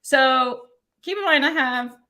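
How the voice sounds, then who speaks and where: A woman's voice: sits high, slow, bright, forceful tone. A woman co-hosting a casual chat show, telling a funny story with laughs and acted-out quotes. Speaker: podcast co-host.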